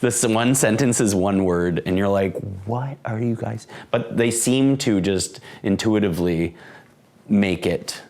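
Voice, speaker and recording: A man's voice: lowish voice, a little slow. A man in his forties co-hosting a casual podcast from home, rambling and correcting himself as he talks. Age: 40s. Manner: rambling, self-correcting, excitable. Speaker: podcast co-host. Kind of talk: casual chat. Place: at home, indoors. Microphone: camera microphone.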